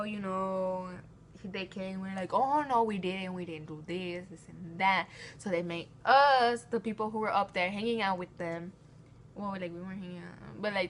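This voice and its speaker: A woman's voice: mid-range voice, fairly bright tone, slight background noise. Teenage girl vlogger, casual and rambling storyteller, giggles a lot, mid-range voice. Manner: rambling, stumbles and restarts often; giggly, laughs mid-sentence.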